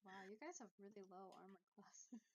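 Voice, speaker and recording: A woman player in a tabletop game who reads rule text aloud haltingly, correcting herself as she goes. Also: mid-range voice, a crowd in the background. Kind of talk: casual game chat, reading rules aloud.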